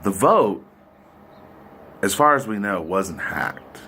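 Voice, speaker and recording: A man's voice: on the low side, sing-song, slow, pushed and bright, breathy edge. Profane, rambling man ranting. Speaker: podcast host. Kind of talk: ranting political monologue.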